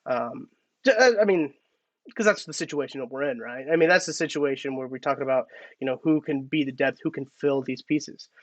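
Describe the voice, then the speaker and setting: A man's voice: on the high side, no room sound, highs cut off. A man hosting a casual live-stream sports talk, chatty and thinking aloud with restarts. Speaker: podcast host.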